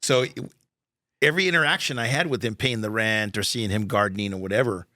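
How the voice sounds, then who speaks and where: A man with a slightly low voice rambles through stories in casual podcast chat, laughing as he goes and swearing freely. The sound is dry and close-miked. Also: fast, bright, forceful tone, no echo. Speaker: comedian guest.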